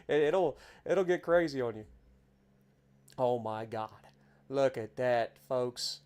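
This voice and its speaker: A man with an Appalachian accent giving chatty, excitable commentary while playing a driving game. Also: mid-range voice, slow, pauses often, clear, resonant tone. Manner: chatty, easily excited, exclaims at scenery. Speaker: game streamer. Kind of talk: casual gameplay commentary.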